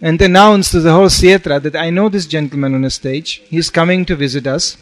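A man's voice: a little high, steady tone, a little fast. Storytelling man preaching a sermon. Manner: storytelling with acted-out quotes, frequent "you know". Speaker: monk preacher.

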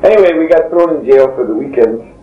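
A man's voice: fairly high pitch, expressive, fast. A man being interviewed, telling a long story in a rambling way, often breaking off and chuckling. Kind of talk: casual spoken storytelling. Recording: dull lo-fi tape in a roomy space, faint hiss.

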